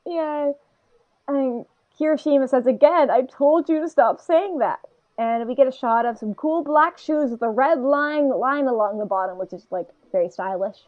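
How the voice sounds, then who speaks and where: A woman's voice: high-pitched, normal speed, narrow, tinny audio. A woman co-hosting a podcast, chatting casually and rambling as she recaps an anime episode, often laughing and mimicking characters. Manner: rambling and animated, laughs a lot, puts on voices to quote characters. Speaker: podcast co-host.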